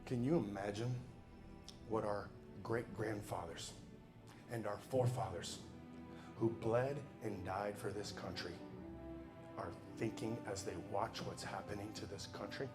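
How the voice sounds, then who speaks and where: A man giving a motivational speech in an emphatic, preachy way, dropping to quiet asides and then pushing to loud exhortation. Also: lowish voice, unhurried, long pauses, music in the background. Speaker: motivational speaker.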